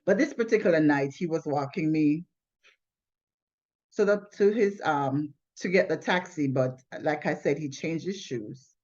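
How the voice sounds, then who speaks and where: A woman shares her personal testimony earnestly and plainly, often restarting her sentences. Her voice sits low, unhurried and a little mellow. The lo-fi recording sounds slightly dull.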